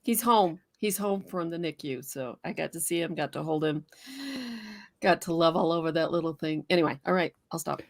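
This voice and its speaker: A woman's voice: sits low, normal speed, no echo. Laughing Southern woman, dry sound. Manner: laughs often, sarcastic asides. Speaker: panelist reading scripture. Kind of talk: casual panel chat and reading aloud.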